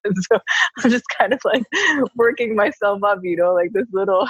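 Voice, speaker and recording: A woman telling a candid personal story in conversation, animated and laughing often. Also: mid-range voice, quick pace, husky, dry recording. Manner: animated, laughs often, acts out her own quoted lines. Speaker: podcast conversation partner. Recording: dull, dry lo-fi sound.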